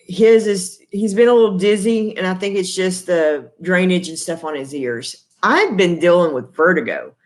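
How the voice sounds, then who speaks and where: A middle-aged Texan woman hosting a casual live stream from her kitchen table. She talks in a chatty, folksy, rambling way with lots of fillers, picked up by her laptop's microphone. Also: lowish voice. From Texas. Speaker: livestream host. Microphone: laptop built-in mic.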